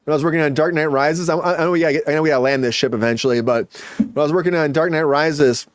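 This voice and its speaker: Profane, animated male podcast host. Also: on the high side, rapid-fire, no room sound. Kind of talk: casual chat, storytelling.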